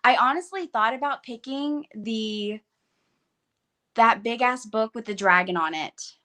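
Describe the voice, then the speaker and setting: A woman with a Southern American accent from the southern United States co-hosts a casual readathon live-stream chat over a video call, chatty and giggly with lots of "like" fillers. Her voice is fairly high, pushed, and bright, and she speaks unhurriedly.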